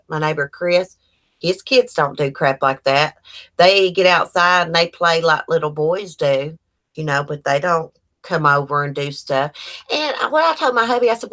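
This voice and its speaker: Chatty woman telling stories. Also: low voice. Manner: chatty, animated storytelling with quoted dialogue. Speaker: livestream host. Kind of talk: casual livestream chat.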